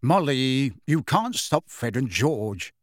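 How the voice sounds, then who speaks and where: A man voicing a weary, patient middle-aged father who speaks slowly and tiredly. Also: medium pitch, very animated, dry recording, clean studio sound. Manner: tired, slow. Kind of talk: audiobook character voice.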